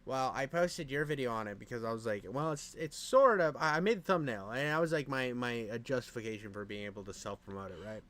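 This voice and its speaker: A man's voice: medium pitch, fast talker, few pauses, fairly bright tone, no echo. Rambling, profane man in casual chat. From Nevada. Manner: rambling, profane, says "dude" and "bro" a lot.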